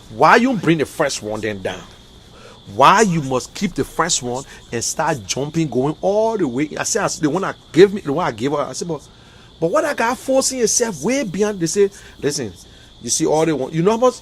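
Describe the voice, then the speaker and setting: A man with a Liberian accent holds forth on a livestream, pressing each point again and again in an exasperated, emphatic way. His voice sits a little high, with a faint hiss of background noise behind it. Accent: Liberian English. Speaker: livestream commentator. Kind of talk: heated livestream political talk.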